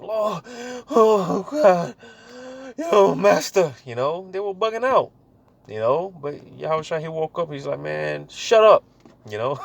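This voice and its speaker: Slangy man giving casual Bible teaching. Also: mid-range voice. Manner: slangy, keeps saying "man" and "you know"; reads scripture aloud slowly, then riffs on it.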